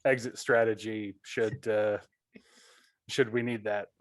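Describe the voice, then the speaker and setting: A man playing a tabletop role-playing game, animated and quick-witted, chatting in character. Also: lowish voice, no room sound. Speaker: player. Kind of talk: casual tabletop role-play.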